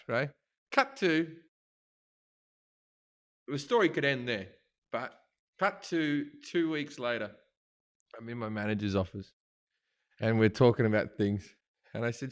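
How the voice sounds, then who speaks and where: A man's voice: medium pitch, moderate pace, long pauses, fairly bright tone, smooth. A male stand-up comedian telling a comic story on a podcast, profane and rambling, full of restarts.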